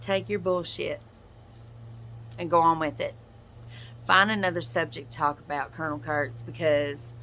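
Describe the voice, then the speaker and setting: A woman's voice: lowish voice, pushed and bright, a little hiss or hum. A woman ranting straight at another person in a blunt, profane, confrontational reaction video. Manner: addresses another person directly. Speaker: YouTuber and podcaster. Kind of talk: angry reaction rant.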